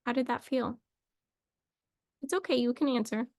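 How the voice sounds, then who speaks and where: Higher-voiced woman with gravelly fry. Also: moderate pace, darkish tone, no room sound, clean studio sound. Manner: rambling, playful, thinking aloud. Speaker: video creator. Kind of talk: casual mock-lesson monologue.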